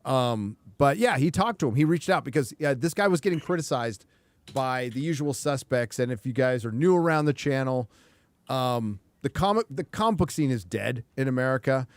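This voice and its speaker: A man's voice: medium pitch, animated, moderate pace, no room sound. A man hosting a casual livestream talk show, emphatic and profane, with rambling asides. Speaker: show host.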